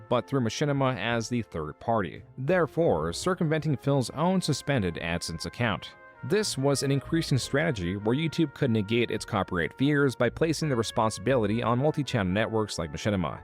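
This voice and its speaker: Man narrating over soft music. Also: mid-range voice, very animated, fairly quick. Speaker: documentary narrator. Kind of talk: scripted documentary narration. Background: music underneath.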